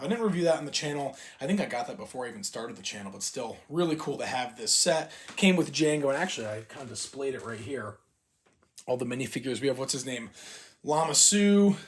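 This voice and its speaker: Chatty man showing toy pickups. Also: medium pitch. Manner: chatty, rambling, filler-heavy. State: briefly out of breath. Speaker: toy collector channel host. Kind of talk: casual haul video.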